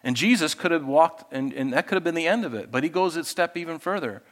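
A man preaching with a slightly higher-than-usual voice. He drops to soft, confiding asides, then lifts into raised, emphatic lines. His delivery is expressive, shaped for a congregation. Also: quick pace. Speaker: pastor. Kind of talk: sermon.

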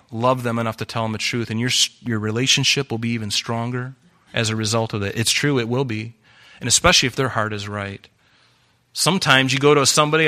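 Bright-voiced man preaching a fiery sermon. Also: mid-range voice. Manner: exhorting, repeats phrases for emphasis. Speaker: pastor.

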